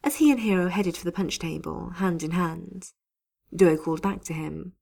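A woman's voice: lowish voice, normal speed, vocal fry, dark tone. A woman reading a lighthearted office story aloud, voicing each character herself. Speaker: story reader. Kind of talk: reading fan fiction aloud.

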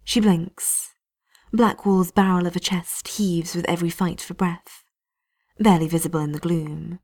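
A woman reading a story aloud in a hushed, often half-whispered delivery. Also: on the low side, steady tone, normal speed. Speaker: narrator.

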